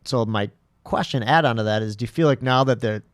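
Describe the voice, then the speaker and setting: A man's voice: medium pitch, fairly quick, dry recording, studio quality. A man co-hosting a podcast, joking around and asking long rambling questions in casual chat. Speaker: podcast co-host.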